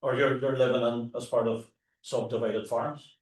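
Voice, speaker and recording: A man's voice: medium pitch, flat delivery, moderate pace. A man with a Derry accent, a tour guide and historian, talking informally to a live audience, with frequent restarts and asides. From Northern Ireland. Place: forum hall. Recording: roomy hall, mic at a distance.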